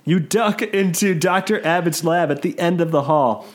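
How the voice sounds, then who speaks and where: A man's voice: fairly high pitch, moderate pace. A man hosting a comedy show, reading a storybook aloud with frequent laughs. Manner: laughs often, lively reading. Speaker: podcast host reading a storybook. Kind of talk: comedic read-aloud narration.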